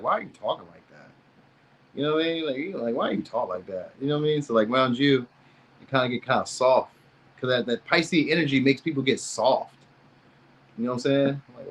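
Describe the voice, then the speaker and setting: A man's voice: mid-range voice, a little hiss or hum. A man giving a casual tarot reading, chatting in loose slang and reacting to viewers' comments. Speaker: tarot reader.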